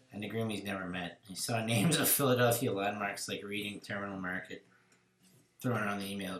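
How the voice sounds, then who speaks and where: A man's voice: on the low side, a bit bright, roomy sound. A man co-hosting a podcast in casual chat, telling crude jokes and stories with loose laughs. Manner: laughing, swearing, loose storytelling.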